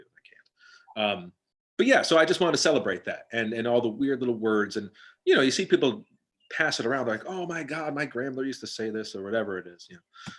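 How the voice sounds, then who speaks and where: Rambling man. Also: on the low side. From Scranton, Pennsylvania. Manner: rambling, animated, many restarts. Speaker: guest. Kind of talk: casual interview chat. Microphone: video call.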